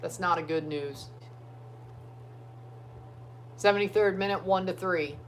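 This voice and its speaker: A man hosting a casual sports watchalong livestream from his phone, talking loosely and breaking into excited chants for players. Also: high voice, a little fast, a little hiss or hum. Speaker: livestream host. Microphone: phone streaming app.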